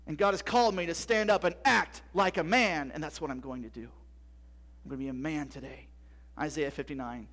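A man's voice: sits high, a little fast, a bit bright. A middle-aged man preaching a sermon, asking rhetorical questions with emphasis and sometimes dropping to a whisper. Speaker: pastor.

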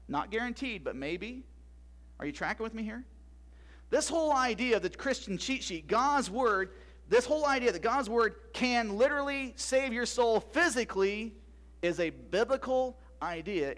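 Guy preaching, fairly high voice, talks like a chat, keeps checking in with the congregation. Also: a bit bright. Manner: conversational, asks the congregation questions. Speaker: pastor. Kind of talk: sermon.

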